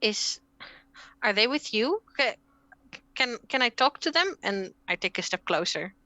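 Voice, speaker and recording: A woman's voice: on the high side, sing-song, a little slow, pushed and bright. A woman player in a tabletop game, speaking in character with urgent, anxious pleading.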